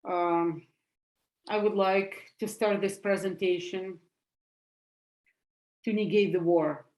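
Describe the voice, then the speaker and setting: A woman's voice: mid-range voice, steady tone, a little mellow, reverberant. A woman with a Russian accent giving an earnest online presentation as a physician, repeating her words for emphasis. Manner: slow, earnest, with emphatic repetitions.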